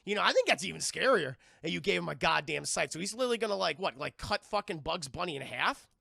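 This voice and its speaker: Animated, gravelly man ranting about a film. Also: high voice, fast talker, no echo, clean studio sound. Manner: profane, animated, lots of restarts. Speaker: film reviewer and streamer. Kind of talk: casual live-stream spoiler review.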